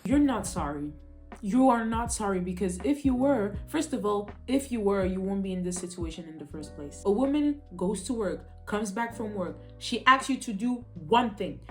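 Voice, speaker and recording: Lively exasperated young woman ranting. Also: medium pitch. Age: young adult. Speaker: reaction video host. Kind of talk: reaction commentary.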